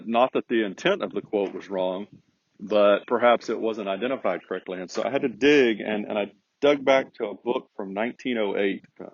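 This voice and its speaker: A man hosts a podcast, delivering a casual yet earnest, preachy monologue with lots of emphasis. His voice is fairly low in pitch. The recording is dry, dull and lo-fi.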